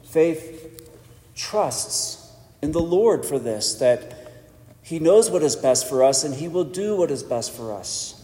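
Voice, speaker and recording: A man preaching a sermon in a measured, emphatic way with pauses for weight. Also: fairly high pitch, lively intonation, dark tone. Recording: echoey church hall.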